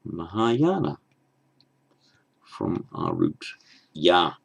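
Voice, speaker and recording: Slow, gravelly man teaching a lesson. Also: low-pitched, wildly swooping pitch. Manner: slow, careful, stepwise explaining; pronounces foreign words slowly with emphasis. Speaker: Sanskrit teacher. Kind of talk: lecture.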